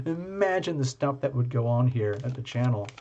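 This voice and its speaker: A man's voice: mid-range voice, lively intonation, moderate pace, mellow, dull audio, slight background noise. A man hosting a casual live-stream tarot reading, talking to his viewers in a chatty, playful way.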